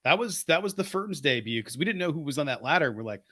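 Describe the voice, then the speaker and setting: A man's voice: fairly high pitch, very animated, quick pace, bright, forceful tone, no echo, clean studio sound. A man co-hosting a podcast, chatting casually and thinking aloud with enthusiastic, opinionated takes. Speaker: podcast co-host.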